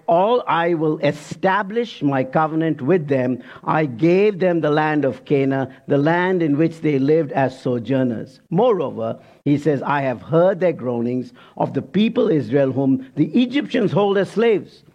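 A man preaches in a church, his voice sitting a little high for a man. He reads scripture slowly and with emphasis, then drops into casual asides to the congregation. The recording sounds dull and lo-fi. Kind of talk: sermon. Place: church sanctuary.

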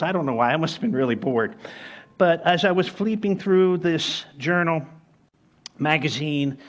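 Male pastor, sermon, high emphatic voice, dull lo-fi recording. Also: fairly bright tone. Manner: emphatic, repeats key phrases, storytelling.

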